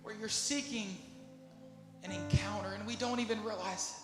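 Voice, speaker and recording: A man preaching a sermon, moving from soft, low musing to loud, pleading questions. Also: steady tone, normal speed. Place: church sanctuary. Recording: echoey church hall with music behind. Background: instrumental music.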